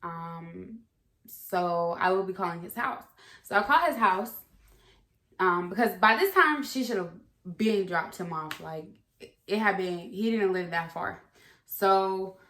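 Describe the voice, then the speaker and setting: A woman's voice: medium pitch, measured pace, a bit bright. Candid, profane young woman telling a story. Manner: candid, profane, rambling with fillers. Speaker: vlogger. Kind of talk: casual storytime. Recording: echoey room.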